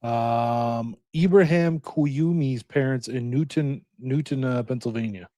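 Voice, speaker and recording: A man's voice: medium pitch, measured pace, dark tone, no echo. A man co-hosting a casual podcast chat, talking hesitantly with many ums while he looks things up. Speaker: podcast co-host.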